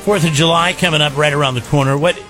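A man's voice: on the high side, fast, faint music behind. A man co-hosting a morning radio show, bantering casually and jumping into comic voices. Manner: animated, breaks into comic put-on voices. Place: radio studio. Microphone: studio microphone.

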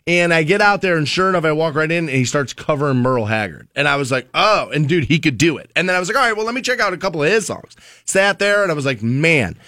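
A man co-hosting a morning radio show, chatting casually, teasing and telling animated stories. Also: fairly high pitch, quick pace, no room sound, studio quality.

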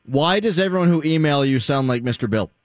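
A man's voice: on the high side, animated, a little fast, no echo, clean studio sound. A man hosting a sports radio talk show. He talks plainly and likes to joke with his guest. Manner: joking, plain-spoken.

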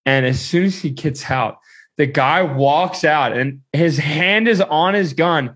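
A man's voice: fairly high pitch, unhurried, a bit bright, husky. A man casually telling a story in a podcast chat, rambling and leaning heavily on "like". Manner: rambling, heavy use of "like".

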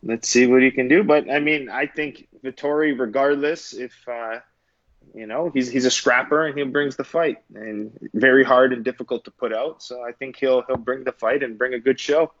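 Relaxed male co-host on a dull line. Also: medium pitch, moderate pace, no room sound. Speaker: co-host and commentator. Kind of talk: casual sports chat.

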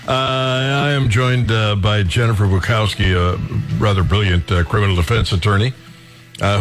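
A male radio talk show host, chatting casually, laughing often and pausing with many uhs. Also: mid-range voice, a bit bright.

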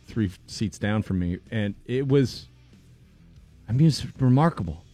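Animated man telling a sports story. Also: on the low side, unhurried, faint music behind. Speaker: sports talk co-host and fan. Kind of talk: casual sports talk, storytelling.

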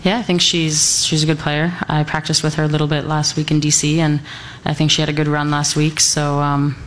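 A woman's voice: low-pitched, monotone, brisk, slight background noise. A young woman in her twenties, a professional tennis player, answering an interview question hesitantly with many fillers. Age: 20s. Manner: hesitant, thinking aloud with fillers.

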